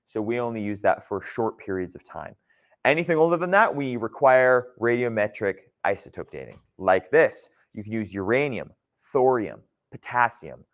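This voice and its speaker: A man's voice: mid-range voice, sing-song, moderate pace, a bit bright. A man teaching a geology class in a conversational lecture style, often checking in with his students. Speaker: geology instructor.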